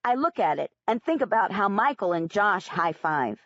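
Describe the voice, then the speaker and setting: A woman reads a first-person audiobook with a lively, expressive pitch. She speaks plainly and clearly. The recording is dry and a little muffled. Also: moderate pace, dry recording. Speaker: audiobook narrator.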